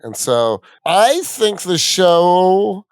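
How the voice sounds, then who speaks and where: A man's voice: sits high, sing-song, drawn-out words, clean tone, dry recording, clean studio sound. A man co-hosting a casual podcast chat, swearing and laughing as he talks. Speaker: podcast co-host.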